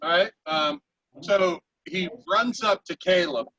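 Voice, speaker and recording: A man narrating a tabletop game as game master, in a playful, animated way. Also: sits high, slow, no room sound, dull audio.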